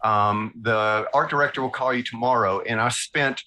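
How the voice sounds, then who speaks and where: Bright-voiced Southern American man. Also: medium pitch, moderate pace, slight background noise, poor audio. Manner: animated anecdotes with self-mocking asides. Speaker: illustrator guest. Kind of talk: casual storytelling interview.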